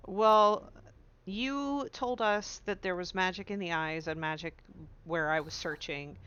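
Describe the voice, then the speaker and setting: A woman playing a tabletop game, talking eagerly with bursts of excitement and laughter. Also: fairly low pitch, measured pace, lo-fi sound. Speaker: player. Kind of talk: casual tabletop game chat.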